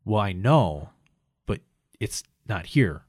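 Man, low-pitched, dry close sound, rambling profane anecdote teller. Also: takes it slowly, no echo. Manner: profane, animated retelling with quoted voices. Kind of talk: casual storytelling chat.

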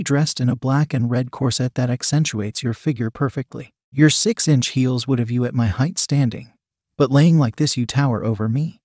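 A man calmly narrating a first-person erotic audio story in an intimate reading voice. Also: medium pitch, no echo, clean studio sound.

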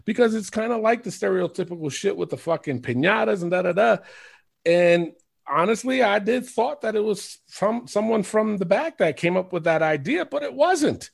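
A man's voice: high-pitched, animated, moderate pace, creaky. A man co-hosting a podcast in casual chat, rambling and swearing freely, often laughing. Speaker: podcast co-host.

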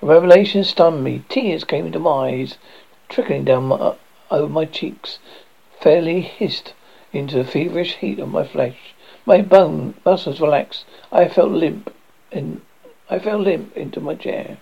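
A man's voice: fairly high pitch, a little slow, vocal fry, husky. A man reading a first-person horror story aloud, with a dramatic delivery and some slips and restarts. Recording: dull lo-fi recording.

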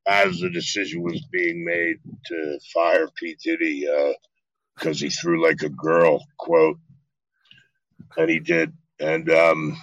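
A middle-aged man, an actor being interviewed, telling stories in a casual, animated and profane way, acting out quotes. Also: sits low, no echo, rough recording. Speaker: actor guest.

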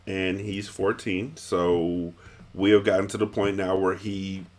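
Brief: middle-aged man, lowish voice, loose chatty storyteller, lots of fillers. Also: little pitch movement, measured pace. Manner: rambling with frequent fillers and restarts. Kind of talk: casual chat, retelling a story.

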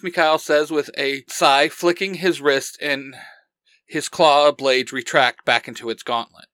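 A man's voice: a little high, fairly even intonation, a little slow, bright, forceful tone, dry recording. Man reading fan fiction aloud. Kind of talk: story narration.

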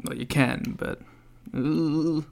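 A man's voice: medium pitch, brisk, a bit bright. Man making dry wisecracks. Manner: dry, wry quips. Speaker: podcast co-host. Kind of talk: casual chat.

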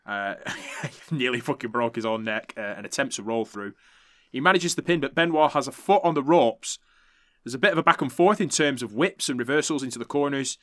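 Male podcast host, bright tense voice, chatty, profane recapper. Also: mid-range voice, dry recording, studio quality. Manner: chatty, swears freely, quick to laugh. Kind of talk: casual recap commentary.

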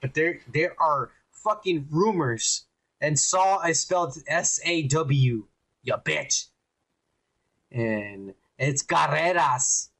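A man co-hosting a podcast in casual chat, rambling and excitable, swearing often. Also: on the high side, slow. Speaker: podcast co-host.

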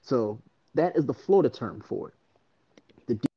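A man co-hosting a casual chat, explaining slang terms in a relaxed way with examples. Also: medium pitch, normal speed, breathy edge, highs cut off. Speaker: podcast co-host.

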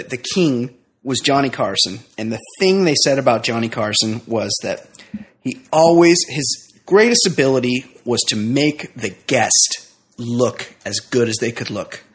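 A middle-aged man co-hosting a casual podcast. He makes dry, sarcastic asides at a middle pitch, and his delivery is quick and offhand. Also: expressive, husky. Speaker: podcast co-host. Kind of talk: casual chat.

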